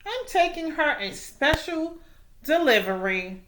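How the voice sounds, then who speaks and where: A woman voicing a small, eager male scooter in a storybook, with a squeaky, bright way of talking. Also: sing-song, unhurried, background noise.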